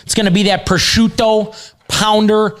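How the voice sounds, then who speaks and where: A man's voice: high-pitched, little pitch movement, unhurried, fairly bright tone. A man co-hosting a sports betting podcast with a nasal voice, talking in blunt, profane, joking casual banter.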